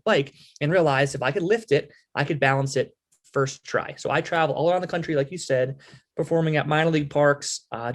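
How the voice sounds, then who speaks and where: A man in his twenties from the Philadelphia area, a podcast guest telling his story with lively energy and many fillers. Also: fairly high pitch. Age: 20s. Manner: animated storyteller, lots of fillers. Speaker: podcast guest, halftime performer. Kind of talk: casual storytelling interview.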